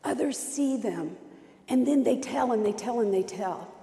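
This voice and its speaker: A woman's voice: a little high, animated, a little slow, vocal fry, dark tone, echoey room, long reverb tail, slight background noise. A woman pastor preaching a sermon, telling stories with strong emphasis and repetition.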